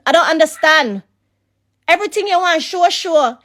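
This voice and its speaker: A woman's voice: extremely high pitch, expressive, normal speed, sharp tone. A woman with a Jamaican accent ranting heatedly in a voice note, cursing and repeating herself. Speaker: person in a leaked voice note.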